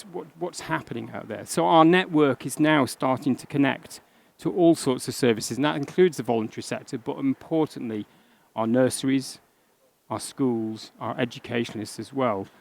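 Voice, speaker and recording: A middle-aged man from England speaks at a conference in a relaxed, conversational way. His pitch sits in the ordinary middle range, and he often stops with an um or starts a phrase again. He sounds like a pediatric doctor talking to a room of people. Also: gravelly. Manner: conversational, with frequent ums and restarts. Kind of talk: conference talk.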